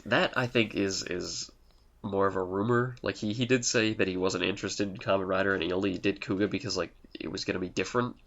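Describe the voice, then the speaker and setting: A man's voice: sits low, steady tone, brisk, fairly bright tone, lo-fi sound. A Canadian man co-hosting a podcast, rambling and laughing often in casual, sweary banter. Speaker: podcast co-host.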